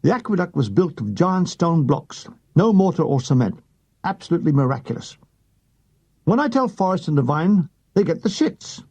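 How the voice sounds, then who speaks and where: A male audiobook narrator with a husky, mellow voice, reading a comic war memoir. His intonation swings lively and wide, and he delivers the jokes with dry, unhurried timing. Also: a little high.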